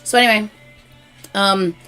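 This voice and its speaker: A young woman hosting a casual live stream, telling a story excitedly and swearing freely. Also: medium pitch, unhurried, clear, resonant tone, faint music behind. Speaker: host.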